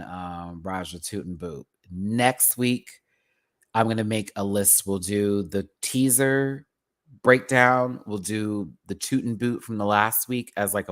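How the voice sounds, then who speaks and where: Livestream host, male, sassy and animated, casual rant to viewers. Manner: animated, sassy, talks straight to chat with big pitch jumps. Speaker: live stream host.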